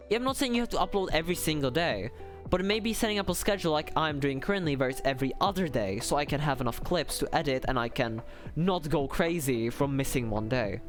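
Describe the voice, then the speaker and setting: A young man chatting casually on a livestream, rambling and self-deprecating with lots of fillers. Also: fairly high pitch. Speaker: streamer.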